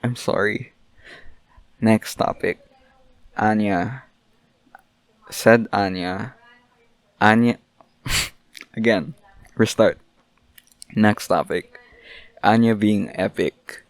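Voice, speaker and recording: Young male podcast host, rambling mock-angry rant; unhurried, lower pitch. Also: vocal fry, dry recording. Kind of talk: solo casual podcast rant.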